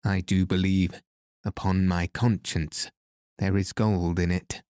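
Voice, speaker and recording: A man's voice: low-pitched, little pitch movement, takes it slowly, darkish tone, clean tone, dry recording, studio quality. A man reading as a blustering greedy townsman. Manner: blustering, boastful. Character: greedy, foolish older townsman.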